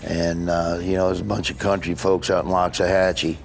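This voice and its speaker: A man's voice: sits low, little pitch movement, gravelly, faint music behind. A man in his sixties, a comedian chatting in an interview, telling rambling stories. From Midwestern United States. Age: 60s. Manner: rambling, anecdotal, does quick imitations. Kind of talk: casual interview chat.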